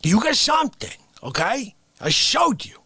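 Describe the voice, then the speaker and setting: A man's voice: very high-pitched, big pitch swings, a little slow, pushed and bright, breathy edge, dry recording, faint music behind, pitched above the performer's own voice, full character voice. Blustering president voice by a male comedian, indignant exclaiming, dry close sound.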